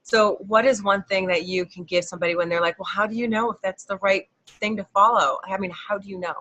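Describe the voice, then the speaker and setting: A woman's voice: mid-range voice, steady tone, fast talker, bright, forceful tone, muffled recording. A woman co-hosting an online show, gushing and encouraging toward her guest, on a video call. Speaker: co-host. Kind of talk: friendly podcast hosting.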